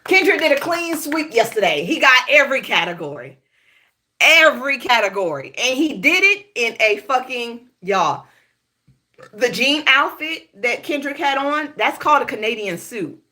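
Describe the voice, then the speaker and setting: A woman's voice: high-pitched, big pitch swings, measured pace, bright, forceful tone. A woman from Houston with a Southern accent, hosting a casual, profane gossip monologue, full of laughing asides and "y'all" to the viewers. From Houston, Texas. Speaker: gossip show host.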